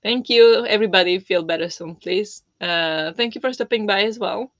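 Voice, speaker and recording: A livestream host chatting casually with viewers, speaking softly and holding the voice low because of a sore, swollen throat. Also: moderate pace, no echo, muffled recording. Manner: talking softly with a held-back, lowered voice. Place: home.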